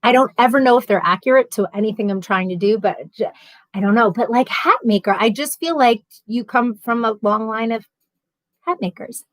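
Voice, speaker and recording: A woman's voice: on the high side, normal speed, no echo. A woman with a New York accent chatting casually as a livestream host, reading chat messages aloud and rambling with frequent laughs.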